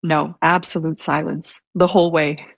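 A soft-spoken woman recounts a story in a casual interview, her voice low-pitched and husky with a gravelly edge. She hesitates, restarts and leans on fillers, and the recording is close and dry. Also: little pitch movement, normal speed, no echo. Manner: self-described introvert. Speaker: guest telling a personal story.

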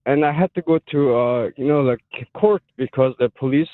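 A man calling in to a radio show, telling his story haltingly with many fillers. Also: medium pitch, dry recording. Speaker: caller. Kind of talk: call-in radio chat. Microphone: phone. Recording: tinny phone line.

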